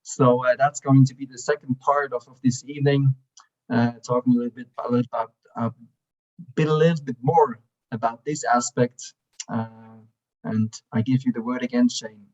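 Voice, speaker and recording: A man's voice: mid-range voice, steady tone, normal speed, darkish tone, highs cut off. A man hosting an evening event, introducing the guest speaker in a hesitant way with many fillers. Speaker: event host.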